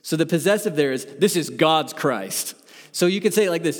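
A pastor preaching a sermon, swinging from loud, emphatic lines to soft, hushed ones. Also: male voice, fairly high pitch, expressive, a little fast, long reverb tail.

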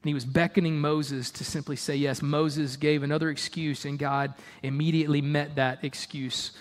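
A man with a high voice preaches a sermon in a conversational, emphatic way. He breaks into joking, mock-exasperated asides. His voice rings out with the long reverb of a large hall. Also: little pitch movement, normal speed.

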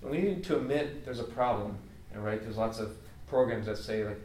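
A man's voice: fairly low pitch, fairly quick, darkish tone, slight background noise. Earnest preacher man in an echoey hall. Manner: earnest, informal, many fillers. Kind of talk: conversational sermon. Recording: echoey room, mic at a distance.

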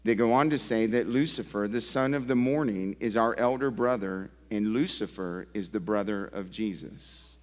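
A pastor preaching a sermon with emphatic repetition, his delivery swinging between low, quiet passages and loud, climactic ones. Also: normal speed, few pauses. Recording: long hall reverb.

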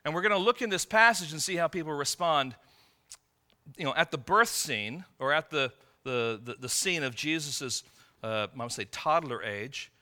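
A man's voice: a little high, animated, moderate pace, bright, forceful tone. A man preaching a sermon, teaching through a passage with rhetorical questions and frequent restarts. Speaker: pastor.

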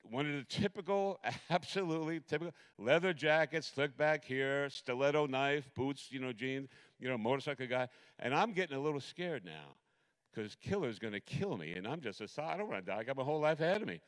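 Middle-aged male pastor, loose and animated storyteller, casual sermon delivery. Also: mid-range voice, fairly quick. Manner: animated, rambling storyteller with many restarts. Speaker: preacher.

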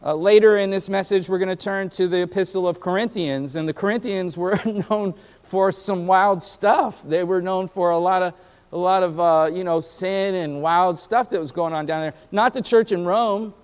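Pastor, male, high-pitched; casual preaching style with asides, in a reverberant church hall. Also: normal speed, smooth. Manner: animated, conversational preaching with slang and asides. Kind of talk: sermon.

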